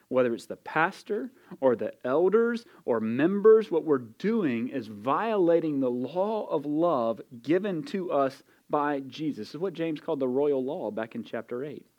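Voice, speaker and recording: A man's voice: medium pitch, darkish tone. A man preaching a sermon as pastor, conversational and emphatic, with casual asides to the congregation. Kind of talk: expository sermon.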